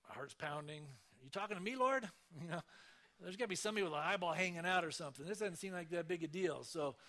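A man speaks from a church stage, telling his stories in a casual, conversational flow. His voice sits a little high for a man. He acts out the voices he quotes with lively swings. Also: fast. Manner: conversational, animated storytelling with acted quotes. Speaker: church speaker giving testimony. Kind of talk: sermon testimony storytelling.

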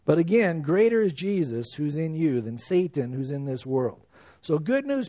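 Male pastor, high and lively voice, conversational Bible teaching, dry close sound. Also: fairly quick, no echo. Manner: animated, conversational preaching with emphatic rises. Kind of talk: expository Bible sermon.

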